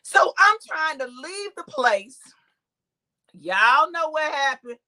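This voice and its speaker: A woman preacher tells a lively, laughing story to viewers she greets by name, acting out the voices of the people in it. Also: high voice, slow. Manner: talks straight to viewers by name. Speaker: preacher and live-stream host. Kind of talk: lively storytelling to a live online audience.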